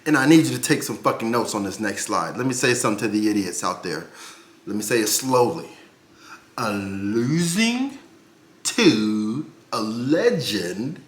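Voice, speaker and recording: A man's voice: bright, forceful tone, echoey room. Brash, profane man ranting about boxing. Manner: brash, profane, ranting with big pitch swings. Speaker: boxing commentator. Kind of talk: casual video commentary.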